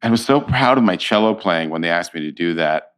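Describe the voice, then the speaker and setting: A man who is an actor and interview guest, telling stories in an animated way, with frequent restarts and laughter. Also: sits low, brisk, clean tone. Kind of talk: conversational anecdotes.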